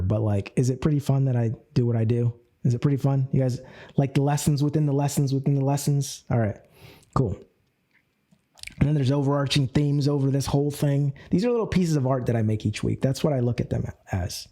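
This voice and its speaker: A man leading a live group coaching session, energetic and animated, acting out phone calls and shifting his speed and tone as he teaches. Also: medium pitch. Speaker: network marketing coach.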